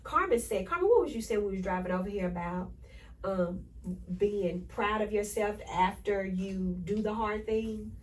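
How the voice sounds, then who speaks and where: A woman hosting a motivational podcast, talking in an energetic, preachy way and repeating affirmations to her listeners. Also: mid-range voice, normal speed, distant mic, poor audio. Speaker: podcast host.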